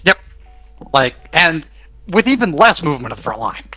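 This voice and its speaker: A man's voice: a little high, big pitch swings, normal speed, sharp tone, faint music behind. A man co-hosting a casual chat about alternate history, speaking in a laid-back, blunt way and swearing now and then. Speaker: podcast co-host.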